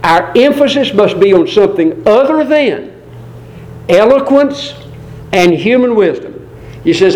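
A man preaching a sermon in a folksy, digressive way, slowing down to stress key words and adding asides and small jokes. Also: high-pitched, big pitch swings, a little mellow, poor audio.

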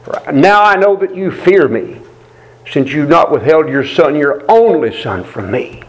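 A man voicing the angel of the Lord calling from heaven, with a solemn, measured delivery. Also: on the high side, very animated, low-quality recording.

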